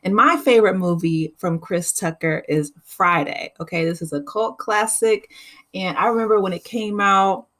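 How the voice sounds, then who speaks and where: Woman vlogger recapping a movie, chatty, laughs a lot, mid pitch. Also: normal speed, a bit bright. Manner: chatty, laughs often, quotes movie lines. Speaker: channel host. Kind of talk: casual movie recap vlog.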